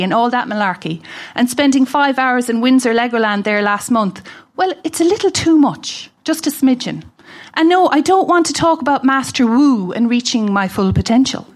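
Wry Irish woman reading a letter. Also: on the high side. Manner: wry, dry humour. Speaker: festival reader. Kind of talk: reading a humorous letter aloud. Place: live event stage.

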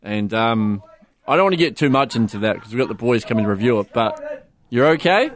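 Goofy New co-host, lively pitch. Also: male voice. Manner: goofy, quick quips. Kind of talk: casual studio chat.

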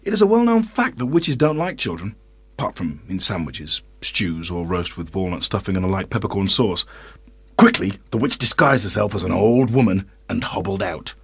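A man's voice: low-pitched, animated, moderate pace, a bit bright, husky, no echo. Playful man reading a children's story. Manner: playful, wry asides to listeners.

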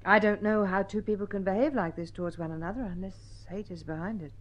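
An actress playing a sharp-tongued, fed-up wife in a vintage radio drama, sarcastic and cutting. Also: female voice, mid-range voice, steady tone, fast talker, dull audio, natural voice. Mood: wistful.

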